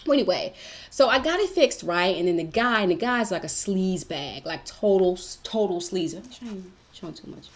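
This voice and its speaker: A woman gives career advice in a casual talk-to-camera vlog. She speaks emphatically, repeating key phrases and checking in with the listener. Her voice sits in an ordinary middle pitch. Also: expressive, normal speed. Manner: emphatic, keeps checking in with "okay?"; chatty, repeats herself for emphasis. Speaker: vlogger giving workplace advice.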